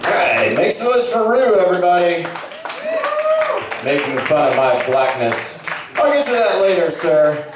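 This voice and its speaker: A man's voice: fairly high pitch, a little slow, long pauses, very noisy. A man acting as emcee at a comedy show, hyping the crowd and introducing the next comic. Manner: lively hype, shouting intros. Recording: echoey, distant club with crowd.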